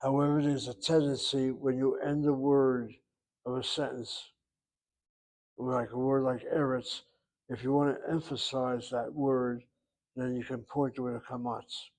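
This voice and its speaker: A man's voice: mid-range voice, flat delivery, a little mellow. Man teaching a Hebrew grammar lesson. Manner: thinks aloud, pauses to search for terms. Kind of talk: classroom lecture.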